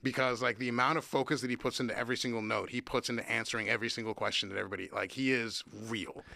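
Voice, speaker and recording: A man from Cincinnati, a guest drummer and producer, telling stories in an animated casual way, full of "like" and swearing. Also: medium pitch, rapid-fire, creaky, no room sound. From Cincinnati, USA. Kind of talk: casual interview storytelling.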